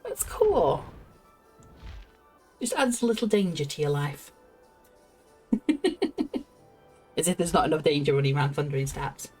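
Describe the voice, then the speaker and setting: A woman's voice: deep voice, very animated, measured pace, long pauses, a little mellow, slightly rough, soft background music. A woman streaming a video game, chatting casually, laughing to herself and reading quest text aloud. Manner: chatty, giggly, talks to herself.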